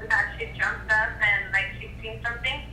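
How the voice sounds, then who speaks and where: A woman on a speakerphone call, casually recalling events in a flat, matter-of-fact way. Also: mid-range voice, normal speed. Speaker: girlfriend called on speakerphone. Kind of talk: casual phone chat. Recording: phone on speaker in an echoey room with faint noise.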